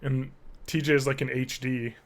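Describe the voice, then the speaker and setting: A man's voice: medium pitch, flat delivery, moderate pace. A man hosting a casual live-streamed podcast, rambling and joking while he plays a game. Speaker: podcast host.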